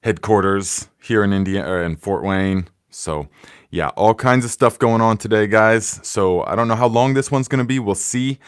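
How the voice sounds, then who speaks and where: A man's voice: lowish voice, normal speed, clear, resonant tone. A man hosting a casual live Q&A on his channel from home, talking loosely with many fillers and restarts into a phone. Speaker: livestream host. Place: home in Fort Wayne, Indiana.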